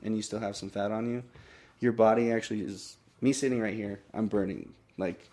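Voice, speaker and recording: A man's voice: lowish voice, fairly even intonation, a little fast, darkish tone. A man chatting casually as a podcast guest, laid-back, swearing often and trailing off mid-thought.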